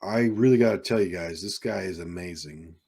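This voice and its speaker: A man's voice: sits low, a little fast, creaky, a little mellow, husky. A man hosting a casual livestream from a home desk microphone, rambling with lots of ums and uhs. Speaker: livestream host. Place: home streaming setup in California. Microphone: desk microphone with keyboard behind it.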